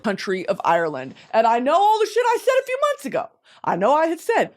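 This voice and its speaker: A woman hosting a casual chat show, talking in an animated, profane way and laughing often. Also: medium pitch, fast, few pauses. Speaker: podcast host.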